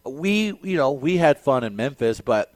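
A man's voice: mid-range voice, big pitch swings, a little slow, darkish tone, dry recording. A man hosting a casual sports talk show, reading news items aloud and then giving emphatic, opinionated takes.

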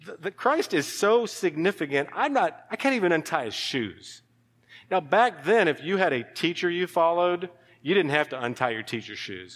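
A male pastor preaching a sermon, animated, with sudden drops to a hushed voice. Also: a little high. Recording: long hall reverb.

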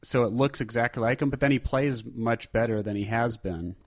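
Male podcast co-host, mid pitch, loose playful banter. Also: brisk. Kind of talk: casual sports podcast chat.

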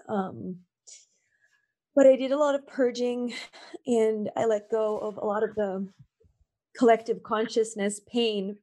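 A woman's voice: fairly high pitch, steady tone, measured pace, pauses often, mellow. A woman talking in a casual conversation over a call, emotional and rambling with many fillers. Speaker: podcast guest.

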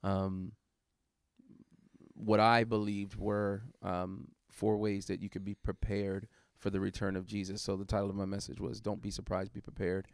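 A guest preacher with a lowish, clear, resonant voice talks casually about a sermon he preached, speaking at normal speed with a flat delivery. He works through it thoughtfully, full of fillers and restarts, with no room sound.

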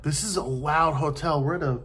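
A man's voice: a little high, moderate pace. Profane man ranting in a hotel room. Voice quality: profane, loose, exasperated delivery with many fillers. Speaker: vlogger. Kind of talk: casual rambling rant. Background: faint TV noise.

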